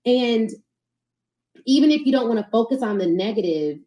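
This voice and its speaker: Woman host, warm mellow voice, lively coaching chat, roomy echo. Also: a little high, moderate pace, muffled recording. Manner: animated, conversational, addresses audience as y'all. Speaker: podcast host and sales coach. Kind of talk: casual live-stream coaching talk.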